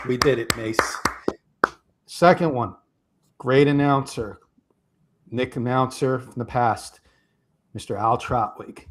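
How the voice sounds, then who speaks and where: A man's voice: mid-range voice, very noisy. A middle-aged man co-hosting a live fan show, speaking in a heartfelt, choked-up way. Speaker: co-host. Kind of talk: emotional live show talk.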